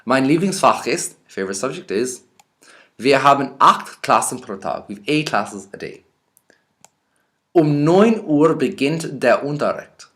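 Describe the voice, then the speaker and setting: An Irish man teaching a vocabulary lesson, reading each word out and then explaining it in a relaxed, chatty way. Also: medium pitch, unhurried. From Ireland. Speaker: language teacher.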